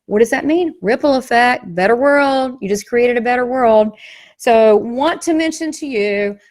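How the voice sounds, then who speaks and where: Speaking a little high at a moderate pace, the Southern-accented psychic medium pitches her class. She's emphatic and folksy, spinning animated stories in a motivational promo as a workshop host.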